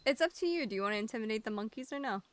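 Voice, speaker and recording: A young woman running a tabletop game as dungeon master, playful and quick with her questions, laughing often. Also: a little high, lively intonation.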